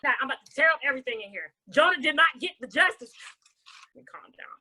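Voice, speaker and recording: A woman emceeing a live online talent show, playful and loud, with dramatic outbursts. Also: high-pitched, animated, fast talker. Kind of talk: energetic live event hosting.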